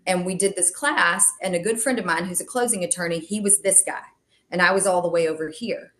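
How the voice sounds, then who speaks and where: Animated woman telling stories as a guest. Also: fairly low pitch, a little fast. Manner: animated, self-described extreme extrovert, acts out dialogue. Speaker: real estate agent, podcast guest. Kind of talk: casual interview storytelling.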